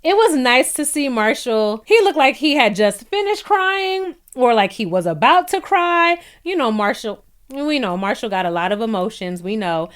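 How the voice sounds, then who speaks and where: A young woman casually recapping a reality show, chatty and animated, laughing often and jumping into higher-pitched voices for her reactions. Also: moderate pace.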